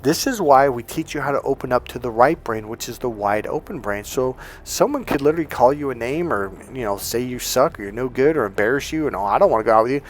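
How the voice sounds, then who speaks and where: This dating coach talks fast with barely a pause, and there's slight hiss or hum on the recording. His storytelling is casual and lively, full of profanity and voice impressions that swing widely in pitch.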